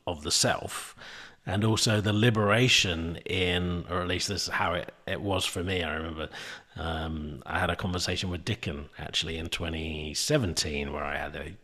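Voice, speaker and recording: Soft-spoken, reflective male coach host. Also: sits low, fairly even intonation, moderate pace. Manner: thoughtful, searching for words, soft-spoken. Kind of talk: reflective interview talk.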